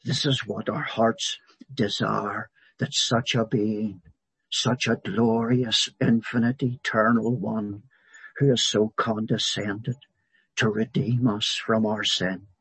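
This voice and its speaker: A man preaching a sermon in a slow, emphatic way, swelling louder on key words. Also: lowish voice, flat delivery, slightly rough, no echo.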